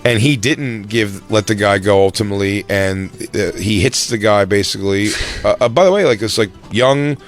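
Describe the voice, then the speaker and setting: A man co-hosting a podcast, telling a story in animated, profane casual chat. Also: fairly low pitch, normal speed, few pauses, faint music behind. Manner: animated storyteller, swearing and laughing. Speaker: podcast co-host.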